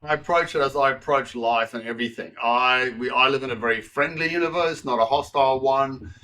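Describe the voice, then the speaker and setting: A man's voice: medium pitch, a little fast. A man in his sixties, a podcast guest telling his story frankly and with animation, swearing freely and poking fun at himself. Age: 60s. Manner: frank, animated, swears freely, frequent self-deprecating asides. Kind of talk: candid conversational storytelling.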